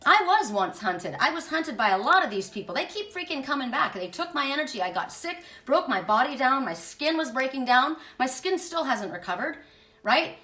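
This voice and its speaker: High, lively woman giving a fiery spiritual talk. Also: moderate pace, reverberant, recorded from a distance. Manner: emphatic, blunt, swears freely. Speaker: spiritual oracle host. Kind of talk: impassioned spiritual monologue.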